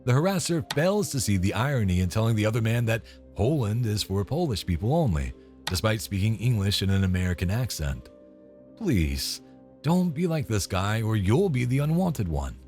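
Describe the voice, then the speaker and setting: A man's voice: on the low side, sing-song, normal speed, a little mellow. A man reading scripted narration for a video compilation, matter-of-fact and scornful. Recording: faint background music.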